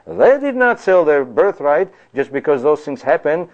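A man's voice: fairly high pitch, sing-song, moderate pace, hardly any pauses, a little mellow. Emphatic male preacher, dull lo-fi sound. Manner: emphatic, rhetorical, often asks "you see?". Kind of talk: sermon with scripture reading.

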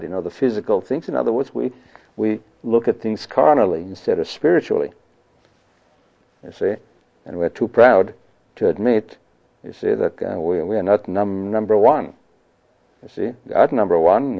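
Low-voiced man preaching conversationally. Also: muffled recording. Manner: conversational, frequent "you know" and "you see". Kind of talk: sermon.

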